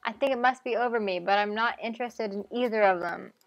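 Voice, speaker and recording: A woman's voice: mid-range voice, a little fast, muffled recording, natural voice. A woman doing a coy flirt.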